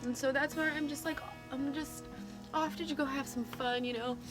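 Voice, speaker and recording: A woman in her thirties talking in a confessional vlog, emotionally raw and near tears, halting, with nervous little laughs. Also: sits high, steady tone, music in the background. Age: 30s. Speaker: vlogger.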